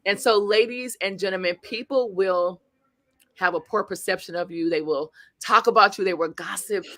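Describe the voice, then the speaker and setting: Bright, animated woman coach telling stories. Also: mid-range voice, moderate pace, no room sound. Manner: animated, acts out quotes, addresses audience. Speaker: guest speaker and coach. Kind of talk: storytelling interview.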